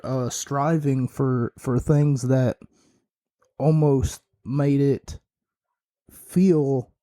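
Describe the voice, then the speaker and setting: A man's voice: medium pitch, mellow. A man hosting a podcast, giving an opinionated, rambling wrestling review with many fillers and restarts. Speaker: podcast host.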